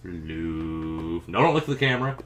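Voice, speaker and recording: A man telling a casual, deadpan story to his stream, with lots of "like" and dry jokes. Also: sits low, a little fast, a little hiss or hum. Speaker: gaming streamer.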